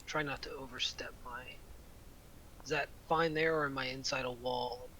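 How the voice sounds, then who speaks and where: Bright-voiced man playing a tabletop game. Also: medium pitch, fairly even intonation, a little hiss or hum, low-quality recording. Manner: halting, asks many rules questions. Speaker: player, war cleric.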